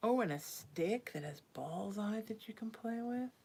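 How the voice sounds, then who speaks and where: A woman's voice: medium pitch, animated, normal speed, darkish tone, breathy edge. A woman hosting live psychic readings who chats casually and coos baby talk to her cat, sometimes dropping to a whisper. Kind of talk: casual live-stream chat.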